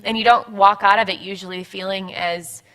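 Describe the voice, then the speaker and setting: A young woman in casual church chat, talking in halting, rambling bursts with frequent laughs. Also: medium pitch, fairly even intonation, a bit bright. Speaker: church member guest.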